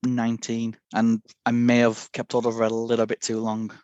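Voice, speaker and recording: A laid-back man trades wry comments and quick agreements in a casual film chat. His voice is mid-pitched and sounds dry and close, with no room around it. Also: completely flat delivery, darkish tone, clean tone, no echo, highs cut off. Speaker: podcast guest.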